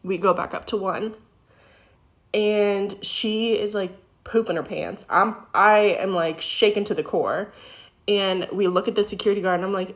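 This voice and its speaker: A woman's voice: medium pitch, fairly even intonation, measured pace. A young woman casually telling a spooky story from her work as an EMT, full of fillers and nervous laughs.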